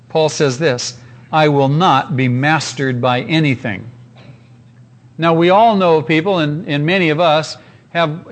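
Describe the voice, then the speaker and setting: A man preaching a sermon as pastor, in an earnest, emphatic way with repeated phrases. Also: fairly high pitch.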